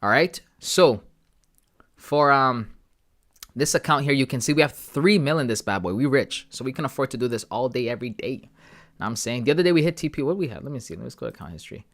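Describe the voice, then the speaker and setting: A forex trading streamer who grew up in Ghana chats casually on a live stream, reading his chat and joking around in slang. His voice is medium in pitch, expressive, quick and a bit bright, and his manner is laid-back.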